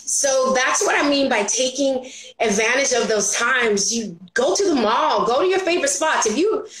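A woman entrepreneur telling stories as a guest in an interview, expressive and quick to act out the voices of people she quotes. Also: high voice, a crowd in the background. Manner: expressive, acts out quoted voices, laughs often. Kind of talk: animated storytelling interview. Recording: roomy echo.

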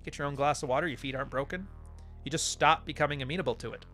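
A man's voice: on the high side, rapid-fire, a bit bright, soft background music. A man hosting a podcast, telling stories in a blunt, profane, casual monologue. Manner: blunt and profane, storytelling with acted-out quotes. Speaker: podcast host.

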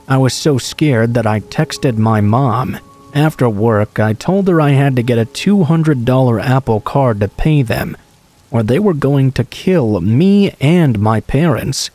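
A man reading true scary stories aloud in a calm, steady first-person narration. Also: medium pitch, a little slow, faint music behind. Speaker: horror story narrator.

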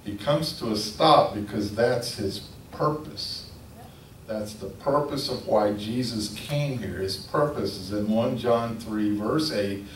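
A man preaching a sermon, telling the story in a lively storytelling manner. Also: lowish voice. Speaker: pastor. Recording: echoey room from a distance, faint noise.

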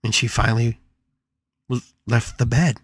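A man's voice: mid-range voice, fairly even intonation, unhurried, dry recording, clean studio sound. A man hosting a spiritual podcast, telling a story with emphatic, dramatic repetition. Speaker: podcast host.

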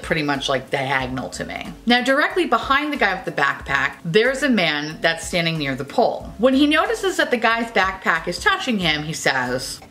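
A woman vlogger telling a story in a joking, foul-mouthed, animated way. Her pitch jumps all over the place, and her voice has a bright, forceful edge. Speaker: beauty vlogger. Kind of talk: casual storytelling vlog.

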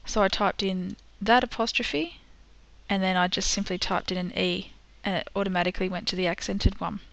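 A woman teaching a screen-recorded software tutorial, patient and step by step, with frequent ums. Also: mid-range voice, fairly even intonation, brisk, gravelly, no echo, lo-fi sound.

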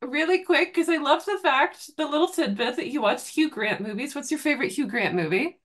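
A woman's voice: high-pitched, lively intonation, brisk. A woman hosting a podcast interview, chatting casually in an enthusiastic, giggly way. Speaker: podcast host.

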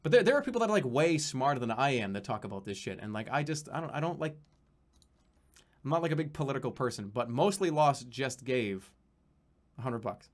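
A man's voice: medium pitch, sing-song, brisk. A man from the United States streaming live, chatting casually in a rambling, profane, joking way with many restarts.

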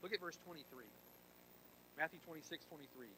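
A male pastor preaching a sermon, swinging between quiet intensity and loud emphasis and tossing in rhetorical asides to the congregation. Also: a little high, a little fast, a little hiss or hum, rough recording.

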